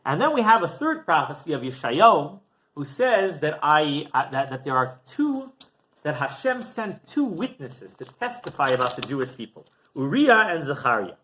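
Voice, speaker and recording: Animated man telling a sermon story. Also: fairly high pitch, normal speed, slight background noise. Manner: animated storyteller, asks rhetorical questions. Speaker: rabbi.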